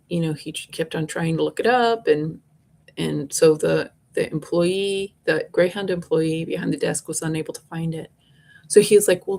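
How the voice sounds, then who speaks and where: A woman talking casually to camera in a long rant. Her voice sits a bit low and has a gravelly fry. She rambles, trips over her words and sounds fed up. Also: darkish tone. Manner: frustrated, rambling, with many restarts. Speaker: vlogger reviewing bus lines. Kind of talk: casual ranting monologue.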